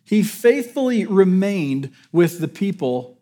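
Guy pastor with a high voice, chatty sermon, lots of restarts. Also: very animated, slow, mellow. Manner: conversational, jokes with the congregation, many restarts.

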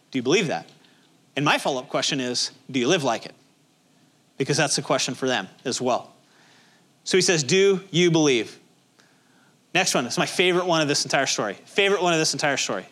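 A man's voice: fairly high pitch, fairly bright tone. A male pastor preaching a sermon in a conversational, emphatic way, with many rhetorical questions.

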